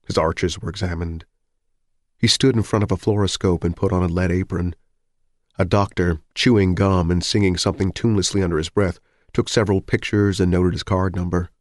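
Man, audiobook narrator, very low voice, measured even reading, dry close sound. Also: no echo.

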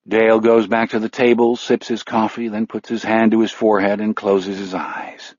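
A male narrator reads a dark novel in a measured, grim style. His voice sits low. The sound is dull and very dry, as if close to the mic in a treated booth. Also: no echo. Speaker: audiobook narrator. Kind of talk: scripted narration. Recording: dull, dry studio audio.

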